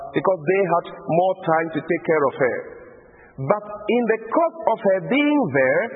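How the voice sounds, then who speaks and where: A man, a pastor, telling a personal story in a sermon, earnest and acting out the dialogue. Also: high-pitched. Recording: tinny phone-like sound with long hall reverb.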